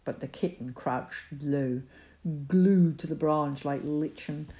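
Calm woman reading a children's story. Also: deep voice. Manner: calm, even, measured storytelling. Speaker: narrator.

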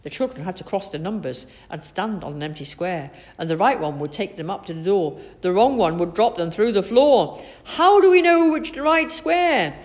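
A woman reading a children's storybook aloud, expressive and animated. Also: on the low side, brisk, hardly any pauses. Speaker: narrator.

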